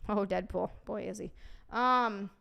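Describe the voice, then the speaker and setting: A woman's voice: medium pitch, measured pace, gravelly, fairly bright tone, clean tone. A woman hosting a casual livestream, reading chat aloud, swearing and laughing often. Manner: profane, laughing, reacting to chat.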